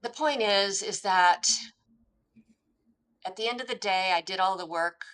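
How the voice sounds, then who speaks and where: Animated woman telling her story. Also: medium pitch, unhurried, low-quality recording. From United States. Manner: animated, acts out quoted dialogue, laughs at herself. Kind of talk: casual conversational storytelling.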